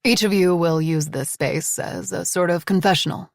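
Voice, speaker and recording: A woman's voice: fairly low pitch, moderate pace, gravelly, no room sound, studio quality. A woman voicing a poised female hostess of a mansion, dramatic and eager to please. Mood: instructive.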